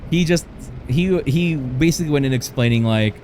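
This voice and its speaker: A man's voice: medium pitch, normal speed, darkish tone, a little hiss or hum. A young man livestreaming, telling a personal story in a casual, rambling way, often restarting and correcting himself.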